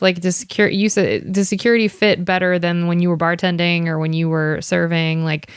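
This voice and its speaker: Smooth-voiced chatty woman host. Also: fairly low pitch, no echo, studio quality. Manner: chatty, laughs often, animated storytelling. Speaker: podcast host. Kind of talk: casual chat.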